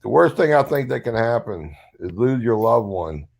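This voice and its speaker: A man's voice: medium pitch, very animated, normal speed, gravelly, darkish tone. An older man with a Southern US accent, a recovery advocate talking bluntly and profanely in a casual chat.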